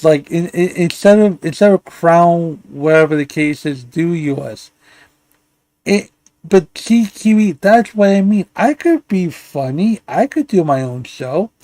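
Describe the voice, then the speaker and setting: A man's voice: on the high side, lively intonation, a little slow, darkish tone, dry recording. A man hosting a live commentary stream, ranting in a profane, insulting way and stumbling over restarts. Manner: angry, insulting, stammers and restarts. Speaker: livestream commentary host.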